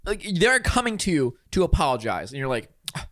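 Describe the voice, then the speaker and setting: A man co-hosting a casual podcast, with a voice pitched a little high that swings widely as he talks. His jokes come out dry and deadpan. The room is close and dead, with no echo. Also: a little fast. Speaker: podcast co-host. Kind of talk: casual comedic chat.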